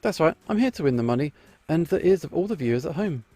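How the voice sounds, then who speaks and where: A man's voice: a little high, animated, fast talker, warm tone, no echo. A man voicing a brash, boastful male tiger character in a game read-through. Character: brash cocky male blue tiger, showy.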